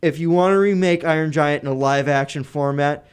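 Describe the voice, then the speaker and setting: A man's voice: a little high, fairly quick, smooth. A young man co-hosting a podcast in casual chat, jokey and rambling, laughing often. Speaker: podcast co-host.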